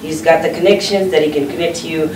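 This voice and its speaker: A woman's voice: sits low, steady tone, fast, darkish tone, a little hiss or hum. A woman moderating a book event, enthusiastically talking up a guest and taking questions from the audience. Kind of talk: introducing and promoting guests. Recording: echoey room from far off.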